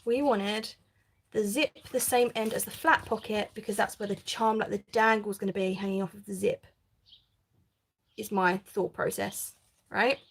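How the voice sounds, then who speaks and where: A woman's voice: medium pitch, fairly even intonation, normal speed, husky. A woman hosting a live crafting stream, chatting casually, reading viewer comments and laughing often. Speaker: craft channel host.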